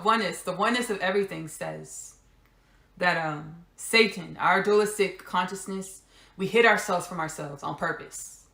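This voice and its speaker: A woman's voice: on the low side, creaky, fairly bright tone, echoey room. A woman hosting a spiritual podcast monologue, repeating key phrases with emphasis and dropping casual asides. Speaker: podcast host.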